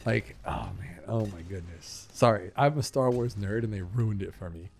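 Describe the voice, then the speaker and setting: Chatty rambling young man, lowish voice. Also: moderate pace, a little hiss or hum. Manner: chatty, rambling, filler-heavy. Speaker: gaming channel host. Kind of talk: rambling casual gameplay chat.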